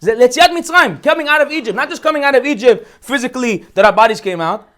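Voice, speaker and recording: A rabbi teaching a holiday class gives a humorous Torah lecture, animatedly telling stories and posing rhetorical questions. His voice is extremely high-pitched and he talks fast.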